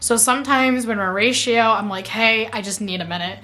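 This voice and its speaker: A young woman answers her viewers' questions in a slightly high, sharp-toned voice at a normal pace. It's casual vlog talk, thick with "like," punctuated by her laughing at herself mid-sentence.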